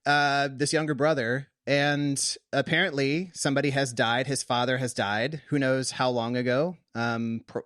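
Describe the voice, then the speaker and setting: A man co-hosting a casual Bible discussion podcast, animated and quick to laugh, sometimes slipping into comic voices. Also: medium pitch, no room sound, studio quality. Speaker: podcast co-host.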